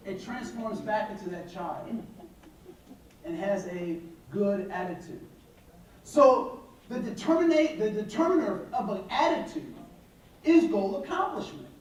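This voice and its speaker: A man giving a talk to an audience, telling stories with animated delivery, acting out dialogue and asking rhetorical questions. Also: sits high, a little hiss or hum. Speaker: speaker on attitudes and education. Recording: very echoey hall from far off.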